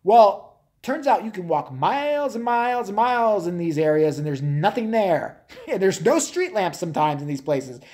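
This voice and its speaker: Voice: mid-range voice, very animated, moderate pace, a little mellow. A live-show host from Chicago chatting casually, rambling through stories, laughing often and swearing a lot. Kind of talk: casual live-stream chat.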